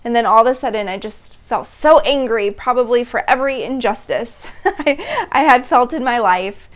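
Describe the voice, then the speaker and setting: A woman in her thirties, speaking with a voice pitched a little above most women's. She hosts a personal storytelling monologue in an animated, open way, laughing between phrases and briefly acting out how she reacted back then. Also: moderate pace. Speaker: host.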